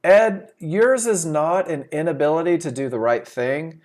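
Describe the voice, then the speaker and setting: A man's voice: on the high side, a little slow, a little mellow. A man leading a live trading class over a computer microphone, firing rhetorical questions and repeating his key points for emphasis. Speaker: trading instructor. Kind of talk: live webinar teaching.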